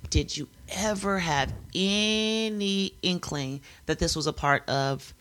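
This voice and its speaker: A woman's voice: on the low side, slow, fairly bright tone. A woman co-hosting a podcast, chatting casually and asking probing follow-up questions. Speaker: podcast co-host. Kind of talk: casual chat.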